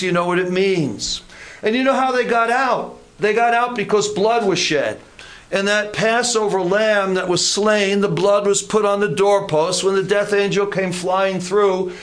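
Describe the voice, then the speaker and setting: A man preaching a sermon as a pastor, with deliberate, repeated emphasis and folksy asides. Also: high voice, a bit bright.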